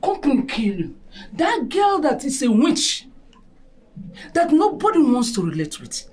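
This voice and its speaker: An actress with a Nigerian accent playing a harsh, loud, scolding mother. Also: sits high, wildly swooping pitch, a little slow, full character voice. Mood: furious.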